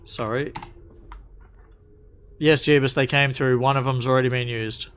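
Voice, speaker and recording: A man's voice: medium pitch, steady tone, a little slow, fairly bright tone, clean tone. Casual man running a tabletop game. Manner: casual, many restarts and fillers. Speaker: game master.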